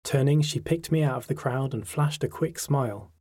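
A man reading a first-person audiobook in a measured, reflective way. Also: medium pitch, warm tone, husky. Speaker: audiobook narrator.

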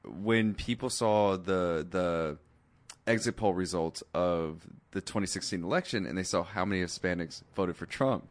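A man's voice: low-pitched, normal speed. A man talking in a casual podcast chat, ranting with animation and mimicking the voices of people he quotes. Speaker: podcast guest.

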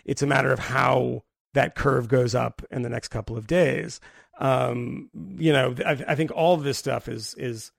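A man's voice: medium pitch, fairly even intonation, normal speed, creaky, dry recording, clean studio sound. A man co-hosting a podcast in casual chat, rambling and restarting his sentences, often breaking into laughter. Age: adult with a daughter. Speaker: podcast co-host.

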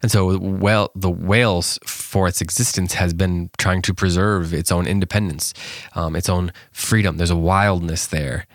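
Low-voiced man hosting a poetry podcast. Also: steady tone, a little slow, dry recording, studio quality. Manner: reflective, with fillers and restarts. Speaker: podcast host. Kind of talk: poetry reading and casual commentary.

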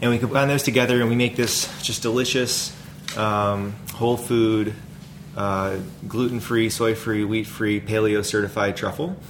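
A man with a fairly low voice talks loosely about his company. He rambles, trailing off into fillers and restarts. A faint rumble sits underneath. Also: steady tone, normal speed. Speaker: food company founder. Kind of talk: casual interview talk.

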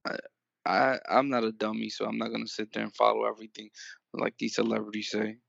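A man's voice: on the low side, little pitch movement, a little fast, creaky, fairly bright tone, dry recording, muffled recording. A man co-hosting a small podcast, talking hesitantly with stumbling restarts and the odd swear word. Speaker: podcast co-host. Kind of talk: casual podcast chat.

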